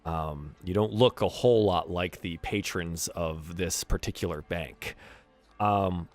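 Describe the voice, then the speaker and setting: A man's voice: deep voice, a little slow. A man narrating as game master in a tabletop game, casual and full of fillers.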